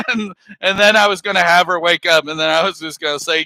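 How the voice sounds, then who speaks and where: A man's voice: high voice, fairly even intonation, fast, sharp tone, dry recording, low-quality recording. A man on a live stream chatting casually, rambling, swearing a lot and laughing often.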